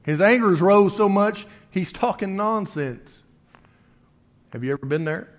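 A man with a slightly higher voice delivers a sermon to his congregation. He speaks conversationally, firing off rhetorical questions at his listeners. His voice swings between quiet, low asides and raised, emphatic points. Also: expressive, unhurried. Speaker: preacher.

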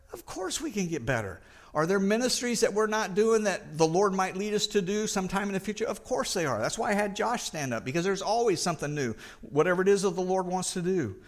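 Casting: middle-aged male pastor mid-sermon, earnest delivery, slightly raised pitch, halting restarts. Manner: earnest, repeats words when restarting.

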